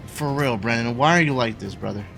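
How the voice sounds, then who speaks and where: A man's voice: mid-range voice, a little fast, vocal fry, fairly bright tone, soft background music. A man hosting a reaction video, talking casually and emphatically, with frequent swearing. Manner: emphatic, exclaiming, swears often.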